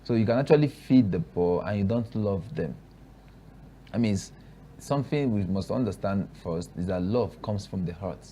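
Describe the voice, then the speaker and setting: Deep-voiced pastor, guest. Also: male voice, dark tone, slight background noise. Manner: affirming, reads scripture haltingly. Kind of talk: Christian talk show discussion.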